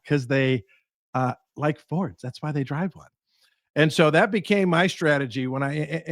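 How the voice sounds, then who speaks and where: A man's voice: on the high side, no room sound, studio quality. A man, a guest speaker and sales trainer, giving advice in a podcast conversation and acting out the people in his stories. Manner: animated storyteller acting out quoted voices.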